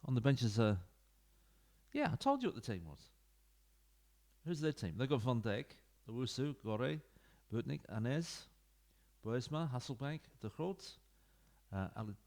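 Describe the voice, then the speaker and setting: A gaming YouTuber's casual let's-play of a football management game, recorded in a room at home with a desk mic into the computer, is full of rambling chat and offhand asides to viewers. He talks at normal speed with frequent pauses, in a medium-pitched, darkish voice that swings widely.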